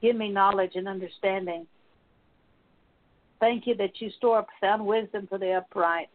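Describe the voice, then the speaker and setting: A woman's voice: mid-range voice, normal speed. Woman leading a confession prayer, tinny. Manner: steady repeated litany of petitions. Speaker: prayer minister. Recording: tinny phone-like sound.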